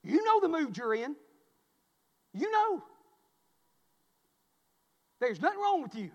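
A man preaching a sermon, swinging between loud high cries and low hushed asides in plain folksy speech. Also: big pitch swings, slow, lo-fi sound. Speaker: pastor. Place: church sanctuary. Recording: long reverb of a church hall.

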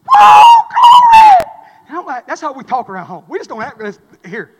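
High-voiced man preaching. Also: sing-song, quick pace, very noisy. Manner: impassioned, repetitive preaching cadence. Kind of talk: sermon. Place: church sanctuary. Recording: long hall reverb.

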